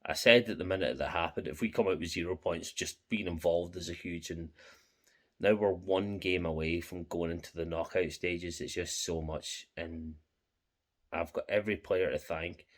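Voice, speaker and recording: Scottish man, young adult, low-pitched, passionate fan vlog, heartfelt and emotional. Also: fairly even intonation, normal speed, fairly bright tone. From Scotland. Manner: emotional and heartfelt, repeating thanks. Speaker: football fan vlogger.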